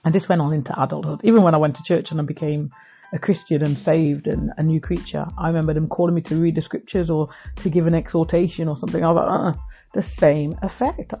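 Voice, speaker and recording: A woman's voice: low-pitched, steady tone, quick pace, vocal fry, warm tone, slightly rough, soft background music. A middle-aged woman hosting a personal podcast, talking earnestly about her own life to her listeners. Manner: earnest, heartfelt storytelling to listeners. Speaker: podcast host. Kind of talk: personal reflective podcast talk.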